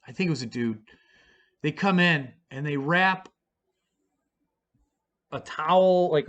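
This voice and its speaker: Guy rambling through a rowdy story, swears a lot, bright forceful voice. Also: on the high side. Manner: rambling and profane, with many fillers. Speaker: storyteller vlogger. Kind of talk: casual storytelling.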